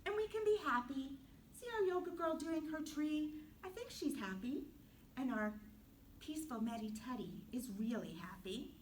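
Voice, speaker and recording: A woman teaching a guided kids yoga class in a gentle, playful, sing-song way, softening to a hush for relaxation. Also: high-pitched, expressive, moderate pace. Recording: distant camera mic, faint room noise.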